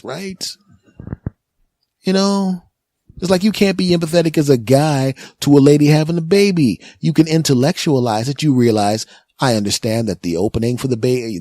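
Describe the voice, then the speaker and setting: A man in his forties tells comic stories on his podcast and acts out the people in them as he goes. His voice is warm and darkish, sitting at a middle pitch. It is recorded dry and close, with no room around it. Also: dry recording. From United States. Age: 40s. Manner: animated storyteller, acts out other voices, repeats words for effect. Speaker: comedian and podcast host. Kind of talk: storytelling comedy monologue.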